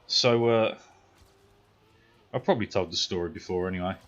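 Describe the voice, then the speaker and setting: A man's voice: normal speed, lo-fi sound. Foul-mouthed British man telling a story. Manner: profane, swears constantly; animated, gets louder and higher when worked up. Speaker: gaming streamer. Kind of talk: casual storytelling.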